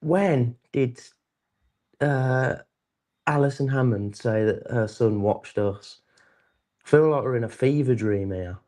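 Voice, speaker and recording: Man, stream co-host, dry laid-back remarks, reads chat aloud, mid pitch. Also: slow pace, pauses often, darkish tone. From Wales. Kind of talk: casual chat.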